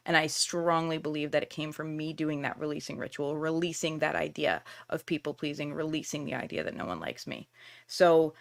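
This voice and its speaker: A middle-aged woman with a low, gravelly voice hosts a live stream as a tarot reader and workshop host. She talks to viewers candidly and reassuringly, using plenty of casual fillers.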